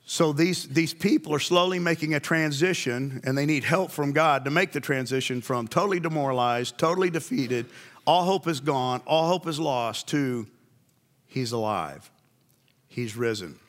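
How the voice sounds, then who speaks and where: A man's voice: fairly high pitch, moderate pace, fairly bright tone. A man preaching a sermon, telling the story in a conversational way and asking his listeners questions.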